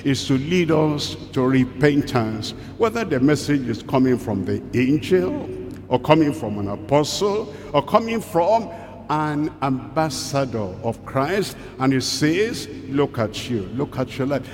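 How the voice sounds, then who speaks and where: A man preaching a sermon, reading scripture slowly with deliberate pauses. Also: very animated. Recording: hall reverb, faint rumble.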